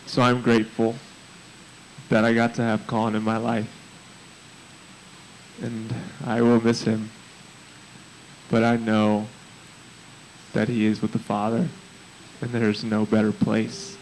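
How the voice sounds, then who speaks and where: A man's voice: lowish voice, measured pace, long pauses, a little hiss or hum, rough recording. A man giving an earnest, prayerful memorial tribute for a friend he mentored. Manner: earnest, heartfelt and prayerful, with a fairly flat delivery.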